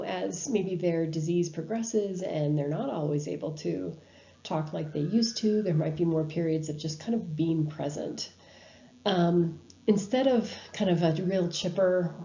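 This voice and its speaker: In dull audio, a woman with a fairly low, mellow voice gives a recorded university lecture over slides at a moderate pace. The instructor speaks conversationally, with frequent ums and restarts.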